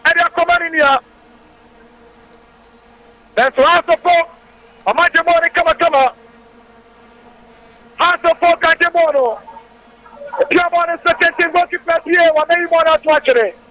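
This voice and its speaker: A man giving excited live football commentary on radio, calling out player names in quick play-by-play. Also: very high-pitched. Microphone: radio studio mic. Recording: tinny radio broadcast line.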